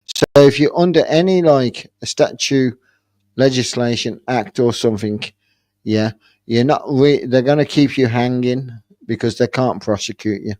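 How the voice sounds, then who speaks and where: A man's voice: mid-range voice, moderate pace, darkish tone, no echo. A man in casual live-stream debate, rambling with restarts and calling others "mate". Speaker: panel speaker.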